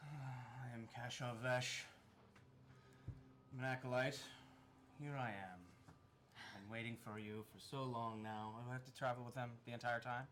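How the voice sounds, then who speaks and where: A man's voice: medium pitch, steady tone, measured pace, long pauses, fairly bright tone, slight background noise, lightly acted. A man playing an impatient, brooding young human acolyte in a tabletop game, speaking curtly with weary sighs. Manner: curt, weary, sighing. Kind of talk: tabletop role-play in character.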